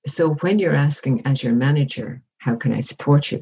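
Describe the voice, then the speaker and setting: A woman speaking as an interview guest, giving measured, reflective advice and often acting out example conversations. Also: very deep voice, mellow, husky, dull audio. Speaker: workplace wellbeing guest.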